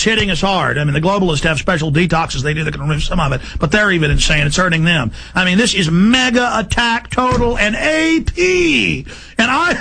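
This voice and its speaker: A man hosting a talk radio show, ranting fast and getting agitated, often rising to shouts. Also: sits high, gravelly, slightly rough. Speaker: radio host. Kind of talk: heated talk radio rant.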